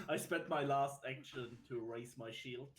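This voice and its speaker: A man's voice: medium pitch, slow pace, crowd noise. A man playing in a tabletop game, chatty and laughing easily. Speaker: player. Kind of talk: casual tabletop play.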